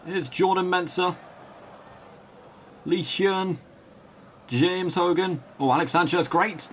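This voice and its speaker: Male play-by-play commentator, slightly high voice, calls names in quick bursts and yells on goals, faint noise in the background. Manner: chats and laughs with viewers between calls. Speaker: match commentator.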